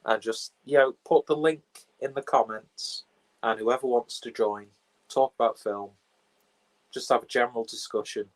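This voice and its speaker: Rough audio captures a man with a lowish voice hosting a laid-back film podcast on a phone camera. His delivery is rambling and offhand, peppered with crude jokes.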